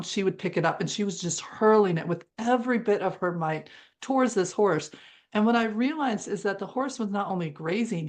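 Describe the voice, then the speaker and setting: Earnest, emotive woman telling a story. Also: mid-range voice. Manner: earnest and emotive, with brief laughs. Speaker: guest, horse-assisted therapy practitioner. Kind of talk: heartfelt personal storytelling.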